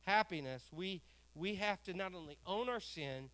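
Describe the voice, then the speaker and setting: A male pastor preaching with a high, bright, ringing voice. He throws questions out to the congregation and waits for their answers. On key phrases he slows right down and pushes them out loud. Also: expressive. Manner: preaching with swells of loud emphasis and drawn-out words; asks the congregation questions and calls for responses. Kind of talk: sermon.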